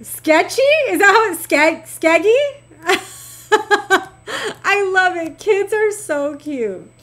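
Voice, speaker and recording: Speaking slowly in a very high voice, a middle-aged woman chats with viewers during a game stream. She's animated and talkative, treating chat with affection.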